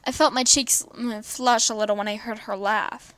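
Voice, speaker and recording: A woman's voice: a little high, steady tone, moderate pace, fairly bright tone, no room sound. A woman reading a fan story aloud, often tripping over words and correcting herself. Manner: stumbling, often correcting herself mid-word. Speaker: fan fiction reader.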